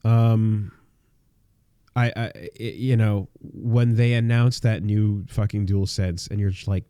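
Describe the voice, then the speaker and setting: A man's voice: lowish voice, fairly even intonation, slow, warm tone, smooth, dry recording. Rambling, profane man on a dry mic. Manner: rambling, profane, many fillers and restarts. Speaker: podcast co-host. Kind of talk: casual podcast chat.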